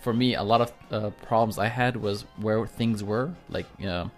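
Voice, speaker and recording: A man co-hosting a podcast in casual chat, hesitant, often pausing and restarting. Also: fairly low pitch, soft background music. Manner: hesitant, many fillers and restarts. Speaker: podcast co-host.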